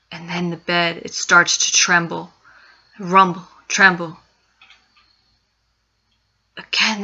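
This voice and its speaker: Woman, storyteller, suspenseful, repetitive build-up, sharp bright voice. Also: medium pitch. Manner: suspenseful, repeats phrases for effect. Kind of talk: spoken story narration. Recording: dull lo-fi recording.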